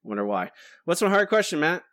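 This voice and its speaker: Animated, jokey male podcast co-host. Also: fairly high pitch, brisk, no echo, clean studio sound. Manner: animated, jokey, self-deprecating. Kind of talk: casual chat.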